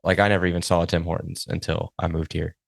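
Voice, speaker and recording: Host: very deep, gravelly-voiced man, laid-back and plain-spoken, dry close mic. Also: level tone, fast, no echo. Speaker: podcast host. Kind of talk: casual chat.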